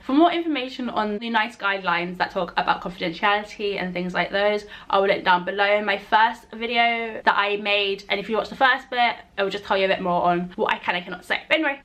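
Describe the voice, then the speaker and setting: A young woman from the UK talks to camera in a casual, gushing vlog style. Her voice sits at a middle pitch, and she keeps piling on "like" and "oh my gosh" with bubbly enthusiasm. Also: fairly bright tone. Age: young adult. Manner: gushing, enthusiastic, chatty with many likes and oh my gosh. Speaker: student midwife vlogger.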